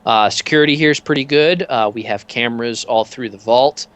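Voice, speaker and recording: A man's voice: mid-range voice, brisk, a bit bright, lo-fi sound, lightly acted. A man voicing a portly, bald male bank manager in a tabletop game, rambling and hesitant, proud of his security.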